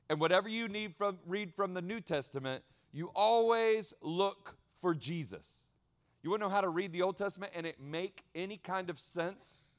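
A male pastor delivering a sermon in a lively, conversational way, repeating key phrases and dropping in casual asides. His voice sits a little on the high side for a man. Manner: animated, conversational preaching with asides and repetition.

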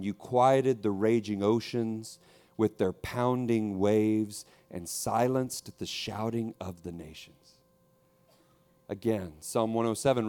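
A man preaching a sermon, swinging from hushed, low passages to loud, emphatic repeated lines. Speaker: pastor.

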